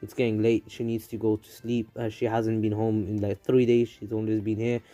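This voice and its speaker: A man's voice: on the low side, monotone, normal speed, dark tone, no room sound. A man casually narrating a fan story, rambling with many fillers and restarts.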